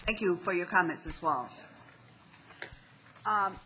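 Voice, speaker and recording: A woman chairing a public board meeting, formal and slow with frequent fillers. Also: lowish voice, expressive, sharp tone, slight background noise.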